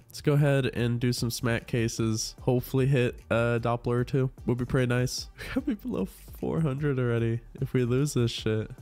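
A congested man giving casual, swearing play-by-play commentary as he opens cases, frustrated and excitable. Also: mid-range voice. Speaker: gambling video host.

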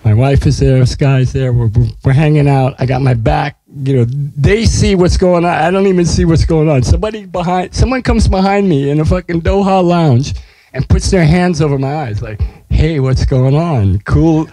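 A man's voice: on the high side, normal speed, mellow, no echo, rough recording. A man, telling stories in casual, profane conversation and acting out what people said. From United States. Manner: swears freely, acts out quotes in storytelling. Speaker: artist guest.

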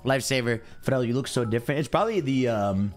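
A man's voice: medium pitch, expressive, quick pace, faint music behind. A young adult man streaming, chatting casually and rambling while talking straight to his chat. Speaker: game streamer.

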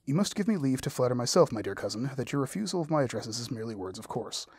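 A man's voice: mid-range voice, big pitch swings, fast, a little mellow, slight background noise. A man reading as a pompous clergyman suitor. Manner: long-winded formal proposal, read aloud. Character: pompous self-satisfied male clergyman suitor.

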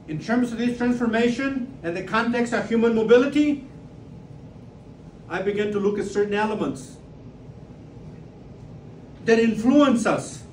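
A man with a Mexican Spanish accent lectures an audience, leaning on repeated words and rhetorical questions. His voice sits high. It echoes around the room and is picked up from a distance. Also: slight background noise. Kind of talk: public lecture. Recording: roomy sound from far off.

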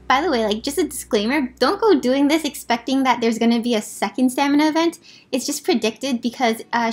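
Chatty young woman gushing over game outfits. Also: on the high side. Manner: chatty, apologetic asides, gushing about outfits. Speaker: gaming video host. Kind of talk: casual gameplay commentary. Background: faint background music.

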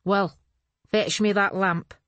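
A woman's voice: mid-range voice, steady tone, slow pace, a bit bright, no room sound, lo-fi sound. Woman reading a curt older mother. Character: older working-class mother, smoker, blunt.

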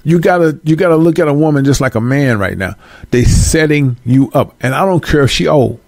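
A man's voice: fairly high pitch, fairly quick, creaky, a little mellow, no room sound. A man delivering a blunt, profane opinion rant to his viewers, emphatic and streetwise. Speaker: vlogger.

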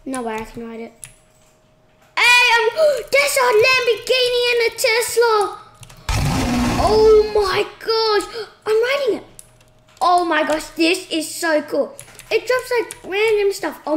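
Excitable high-voiced woman gamer. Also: measured pace. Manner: excitable, shrieks and squeals at surprises. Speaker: gaming channel host. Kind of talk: casual gameplay commentary. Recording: echoey room with clear noise.

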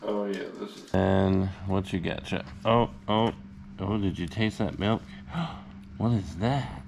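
A man chatting casually to puppies on a vlog, slipping into high sing-song baby talk. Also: fairly even intonation, a little slow, gravelly, darkish tone, a little hiss or hum. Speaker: vlogger showing puppies.

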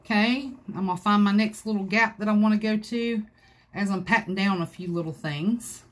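A woman's voice: medium pitch, moderate pace. Chatty woman crafting live. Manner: chatty, folksy, talks to viewers as she works. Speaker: craft tutorial host. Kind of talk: live-stream craft tutorial. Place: home craft room. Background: dogs scratching in another room.

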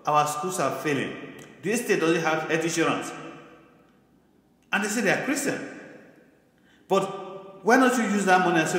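A man's voice: sits high, normal speed, pauses often, a bit bright. Emphatic male pastor in an echoey hall. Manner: emphatic, repeats words for stress. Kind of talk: sermon.

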